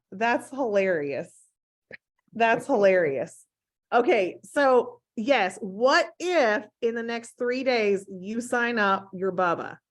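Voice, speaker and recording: A woman leading a team call, encouraging and coaching her team in an upbeat manner over an online call. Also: on the high side. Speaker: team leader hosting a call.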